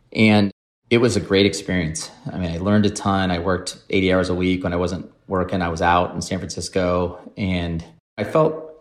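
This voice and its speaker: A man in his forties, a podcast guest, telling his career story in a casual, self-deprecating way. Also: deep voice. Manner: self-deprecating, acts out quoted voices.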